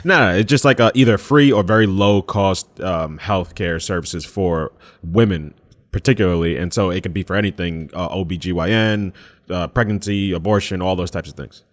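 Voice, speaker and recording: Lower-pitched, even-toned guy, patient explainer on a comedy podcast. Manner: measured, explains patiently with fillers. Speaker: podcast panelist. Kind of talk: casual comedic chat.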